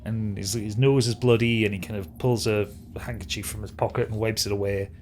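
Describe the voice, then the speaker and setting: A British man narrates a tabletop game as game master, loose and rambling with many restarts. His voice is low, with a faint room noise behind. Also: steady tone, a little fast, a little mellow.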